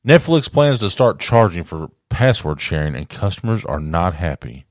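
A man's voice: deep voice, sing-song, moderate pace, no echo. A man co-hosting a casual chat show, reading news items and teasing his co-host in a dry manner.

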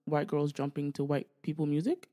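Animated woman in her twenties telling stories. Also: sits low, brisk. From Canada. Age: 20s. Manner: animated storytelling, swearing freely, acting out quoted family members. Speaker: podcast co-host. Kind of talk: casual chat.

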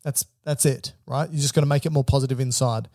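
A man co-hosting an educational podcast, explaining things in plain steps and asking prompting questions in a relaxed chat. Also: medium pitch, fast, dry recording, clean studio sound. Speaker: podcast co-host.

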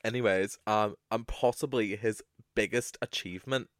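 A man's voice: fairly low pitch, normal speed, dry recording, clean studio sound. Chatty young man podcasting. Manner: chatty, swearing, animated with playful put-on voices. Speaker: podcast co-host. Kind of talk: casual chat.

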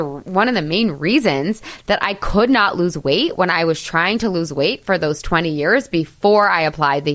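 A woman's voice: on the low side, fairly bright tone, no echo. A middle-aged woman hosting a motivational podcast, talking in an enthusiastic, chatty way and laughing at her own jokes. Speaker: podcast host.

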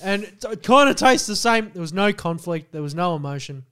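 Casting: man, podcast co-host, high-pitched, emphatic and sweary. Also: expressive, fairly quick, fairly bright tone, clear, resonant tone. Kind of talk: casual chat.

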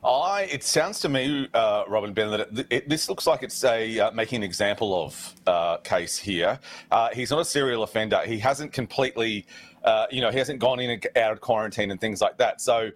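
A man co-hosting a talk show, giving measured, thoughtful views with many ums and uhs. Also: lowish voice. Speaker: co-host. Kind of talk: casual talk show discussion.

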